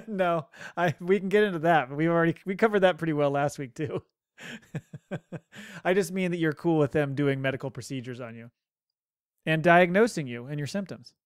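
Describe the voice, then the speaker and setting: A man co-hosting a podcast in loose, jokey chat, often breaking into laughter. His voice is fairly high for a man and comes through smooth and clear. The sound is dry and close. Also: moderate pace, dry recording. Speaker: podcast co-host. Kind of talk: casual chat.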